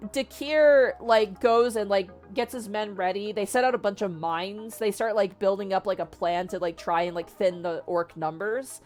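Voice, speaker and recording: Woman streamer, casual story recap, chatty and animated, fillers and swearing, mid pitch, faint music underneath. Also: normal speed, hardly any pauses. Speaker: vtuber streamer.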